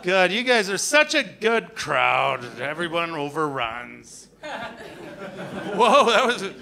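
A man's voice: on the high side, sing-song, slow, creaky, crowd noise. A man from Canada doing a rambling, sweary, self-mocking live stand-up set on a comedy club stage, recorded on a handheld mic.

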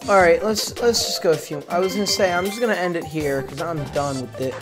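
A man's voice: high voice, brisk. A young man giving casual gameplay commentary, exasperated and swearing a lot as he groans and laughs at his misses. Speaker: gaming video creator. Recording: game music playing loudly under the voice. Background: game music.

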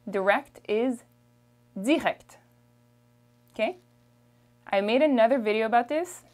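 A woman's voice: on the high side, darkish tone. A woman from Canada with a Canadian French accent, teaching a vocabulary lesson patiently and checking in with her viewers. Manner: patient, repeats each word slowly, checks in with "okay?". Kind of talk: slow language lesson.

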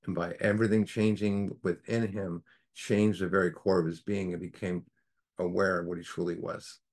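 Earnest guy with a low voice leading a group study, kinda preachy, keeps asking the room questions. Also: little pitch movement, moderate pace. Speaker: recovery group study leader.

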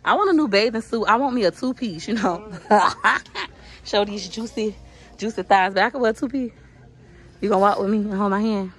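A woman's voice: mid-range voice, a little fast. Chatty woman vlogging while shopping. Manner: chatty, addresses viewers directly. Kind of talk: casual shopping vlog. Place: store.

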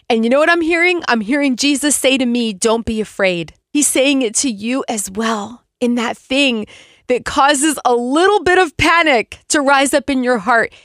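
A woman in her forties hosting a devotional Bible podcast, reading scripture and reflecting in a heartfelt, expressive way. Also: high voice, no room sound, studio quality. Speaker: podcast host.

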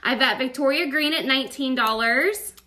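Gal calling bids on a livestream, high bright voice, chatty and giggly. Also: female voice, moderate pace. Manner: chatty, upbeat, calls out bids by name; playful, laughs often. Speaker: seller running a live online auction. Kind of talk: casual live-stream auctioneering.

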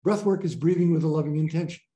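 A man teaching a group about breathwork in a gentle, playful way, often laughing as he talks. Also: a little high, quick pace. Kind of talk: informal group teaching talk. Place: training room with a group.

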